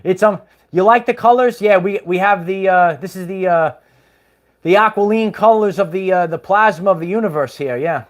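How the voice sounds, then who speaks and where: A man's voice: high-pitched, normal speed. Rambling man hosting a livestream. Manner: rambling, chuckling, many fillers. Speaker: livestream host. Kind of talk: casual livestream chat.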